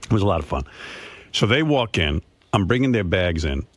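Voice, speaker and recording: A man's voice: low-pitched, a little fast, no room sound. A man, hosting a radio talk show and telling a personal story in casual talk. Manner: animated storyteller, acts out his parents' voices. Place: radio studio. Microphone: studio microphone.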